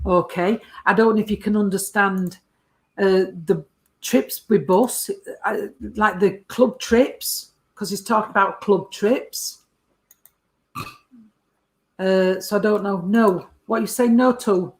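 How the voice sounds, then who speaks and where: A woman's voice: medium pitch, fairly even intonation, takes it slowly. Woman giving a psychic reading. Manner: warm endearments, calls the sitter sweetheart and darling. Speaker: medium.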